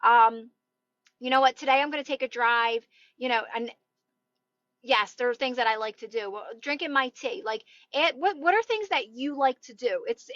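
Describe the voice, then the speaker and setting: A woman in her thirties with a Philadelphia-area Delaware County accent hosts a TikTok live, rambling casually and greeting viewers. Her voice is fairly high and a bit bright, picked up on a phone with a lo-fi quality and no room sound.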